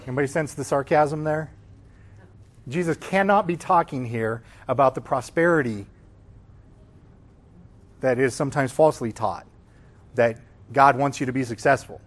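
A man's voice: mid-range voice, normal speed, long pauses. A man teaching a Sunday school class on the Bible in an informal, conversational way, often checking in with the class by asking "right?".

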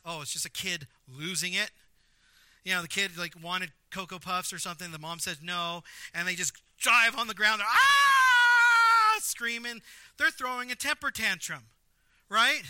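A man preaching a sermon, animated and acting out quotes with big swings in volume. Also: high-pitched, clean tone, dry recording. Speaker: pastor.

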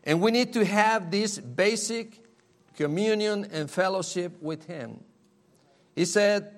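A man's voice: sits high, slow. A man preaching a sermon, earnest and emphatic, repeating key phrases and asking rhetorical questions. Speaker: pastor.

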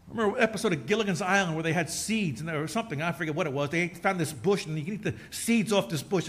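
A man's voice: high voice, a bit bright. A middle-aged man preaching a sermon with folksy humor and joking asides, building to fervent preaching. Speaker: pastor.

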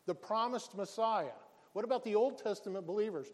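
Man, pastor, earnest sermon delivery with restarts, high voice, reverberant hall sound. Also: normal speed.

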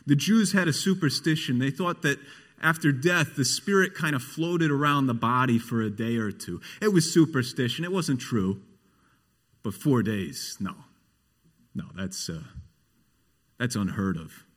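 A man's voice: medium pitch, lively intonation, measured pace, a bit bright. A man preaching a sermon as pastor, earnest and often asking the congregation questions. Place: church. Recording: long hall reverb.

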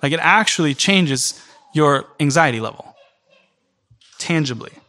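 A man preaching a sermon in an earnest, emphatic way, speeding up in bursts and then slowing down. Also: fairly high pitch, lively intonation, pushed and bright. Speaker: pastor. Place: church in New York City.

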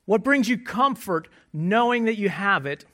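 A man preaching a sermon as pastor, conversational and joking, moving between quiet asides and loud emphasis. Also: high voice, animated, measured pace. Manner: conversational and self-deprecating humor.

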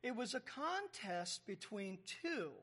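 A man's voice: extremely high pitch, big pitch swings, takes it slowly, a bit bright. A man preaching a sermon, explaining Greek words as he reads and stressing key words. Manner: emphatic, explains Greek word by word. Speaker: pastor.

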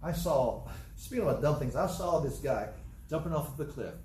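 An older man preaches a sermon, spinning stories and repeating his points with humorous asides. His voice sits a little high and is caught from some distance in an echoey church hall with a faint murmur of room noise. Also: animated, normal speed, warm tone. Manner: storytelling, repetitive, humorous asides.

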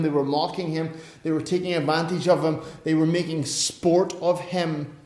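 A high-pitched man preaches a sermon in a roomy, echoing space. His delivery is animated storytelling that swings between soft asides and sudden loud emphasis. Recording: echoey room.

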